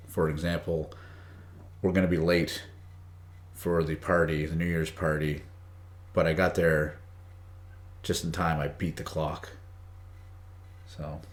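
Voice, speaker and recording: Low-voiced guy chatting through an english lesson on a live stream, reads the chat out, roomy echo. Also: darkish tone. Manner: chatty, greets viewers by name, reads chat aloud. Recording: echoey room.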